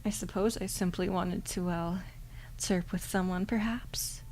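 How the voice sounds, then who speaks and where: A woman softly voicing a suave male crow demon with formal, old-fashioned manners, in a whispered role-play. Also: fairly low pitch, fairly even intonation, a little slow, rough recording. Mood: silky.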